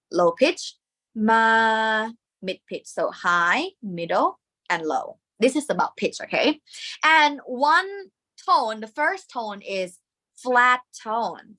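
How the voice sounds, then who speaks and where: A woman's voice: medium pitch, fairly bright tone. A woman with a Thai accent teaching Thai tones in a live online lesson, often checking in with "okay?" and singing syllables to demonstrate.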